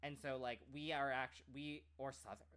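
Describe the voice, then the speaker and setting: A man's voice: mid-range voice, steady tone, normal speed, fairly bright tone, clean tone. An American man talking in a casual, rambling way, with many "like"s and restarted phrases. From United States. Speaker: streamer.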